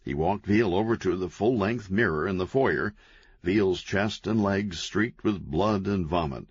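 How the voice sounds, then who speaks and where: A man narrating an audiobook in a wry, deadpan storytelling manner. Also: deep voice, measured pace, slightly rough, no room sound. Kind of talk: scripted narration. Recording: dull, lo-fi, dry.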